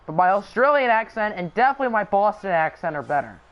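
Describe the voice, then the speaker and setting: Talking fast and sounding very animated, the young host of this stream, whose voice sits high, narrates a simulated football match. He banters with his chat in a loose, joking way, and the recording lacks high frequencies.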